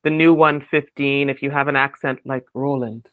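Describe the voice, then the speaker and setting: A man chatting as a podcast guest, animated and acting out quoted voices. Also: medium pitch, moderate pace, clean tone, dry recording. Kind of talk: casual chat. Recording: dull, dry lo-fi sound.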